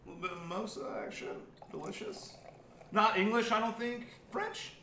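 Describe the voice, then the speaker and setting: A man with an American accent and a bright, forceful, slightly high voice chats loosely while he cooks, cracking jokes and cursing. The sound bounces around a roomy home kitchen with a faint hum of ambience behind him. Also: moderate pace. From United States. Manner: joking, rambling, swears freely. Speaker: cooking stream host. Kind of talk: casual live-stream chat while cooking.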